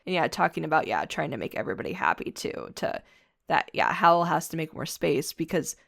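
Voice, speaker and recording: A woman co-hosts a casual podcast and summarizes a film in a chatty way, often agreeing with "yeah." Her voice has a lot of vocal fry and a gravelly edge. The recording is close and dry. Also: sits low, big pitch swings, a little fast, fairly bright tone, no room sound. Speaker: podcast co-host.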